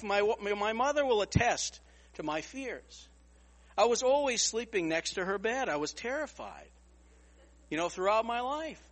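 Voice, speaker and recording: Male preacher, high and animated, storytelling delivery, stumbles and repeats words. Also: in a large hall. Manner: animated, repeats words, acts out other people's lines. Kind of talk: storytelling sermon.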